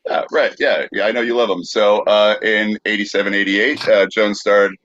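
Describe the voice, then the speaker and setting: Low-voiced podcast guy reading facts, lots of uhs, muffled dry mic. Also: flat delivery, a bit bright, a little hiss or hum. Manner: reads facts with many "uh" pauses. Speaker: podcast co-host. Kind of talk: casual chat.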